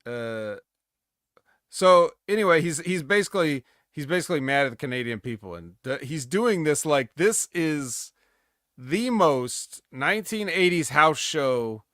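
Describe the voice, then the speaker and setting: A man's voice: fairly high pitch, expressive, measured pace, fairly bright tone, dry recording, studio quality. A man co-hosting a podcast, recapping wrestling in a rambling, jokey way and slipping into mock promo voices. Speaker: podcast co-host. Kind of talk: casual wrestling recap chat.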